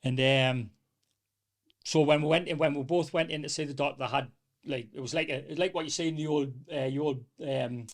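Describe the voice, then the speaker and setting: Podcast guest, North East English man, middle-aged, slightly raised pitch, casual animated storyteller. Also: brisk. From North East England. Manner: rambling, animated storytelling with quoted dialogue. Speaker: small business owner, podcast guest.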